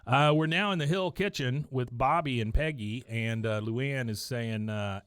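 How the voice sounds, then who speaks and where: A man's voice: mid-range voice, measured pace, few pauses, fairly bright tone, smooth, dry recording. A man co-hosting a podcast, recapping a cartoon episode in casual chat and reading out lines with a laugh. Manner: laughs often, reads quotes in lightly changed voices.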